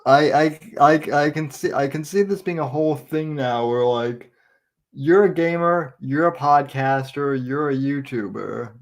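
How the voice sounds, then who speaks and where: A man's voice: a little high, unhurried. A man talking casually on a podcast, hesitant and stammering, often restarting his sentences. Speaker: podcast co-host.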